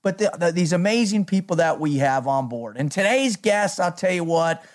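A man's voice: sits high, animated, normal speed. A middle-aged man hosting a podcast, talking in a hyped, motivational way and laughing often. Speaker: podcast host. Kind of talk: energetic podcast chat.

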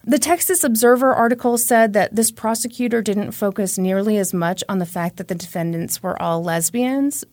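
A woman's voice: mid-range voice, moderate pace, few pauses, a little mellow, dry recording. Woman, podcast host, true crime storytelling, conversational, dry close sound. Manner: conversational, wry asides.

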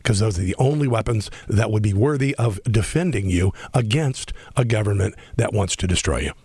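A man hosting a political talk radio show, sarcastic and combative, talking fast with many restarts. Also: on the low side, animated, a little mellow, slightly rough, dry recording.

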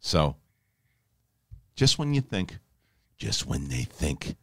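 A man hosting a podcast, telling a story in a casual, animated, emphatic way and swearing freely. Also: rumbling low, takes it slowly, slightly rough, dry recording. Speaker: podcast host.

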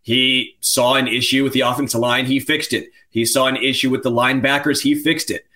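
A blunt, matter-of-fact man co-hosts a podcast in casual chat. His voice is bright and forceful, set at a middle pitch. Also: little pitch movement, a little fast. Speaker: podcast co-host.

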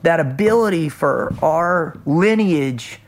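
Energetic high-voiced man telling stories. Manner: energetic, emphatic, quick restarts, backchannels often. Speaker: podcast co-host. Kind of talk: casual storytelling chat.

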